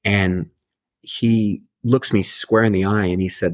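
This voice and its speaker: A middle-aged man telling a personal story on a podcast in an earnest, halting way, often restarting his sentences. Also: fairly low pitch, fairly even intonation, no room sound. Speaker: podcast guest.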